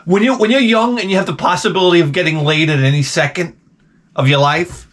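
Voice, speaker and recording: A man's voice: high voice, a little fast, a bit bright. A man in his forties giving a comedic monologue as a YouTuber, ranting with exaggerated outbursts. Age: 40s.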